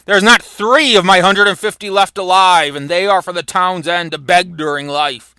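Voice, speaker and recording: A man's voice: high voice, steady tone, moderate pace, bright, forceful tone, clear, resonant tone, no echo, pitched above the performer's own voice. A man reading the lines of a boastful, joking old knight in a Shakespeare play.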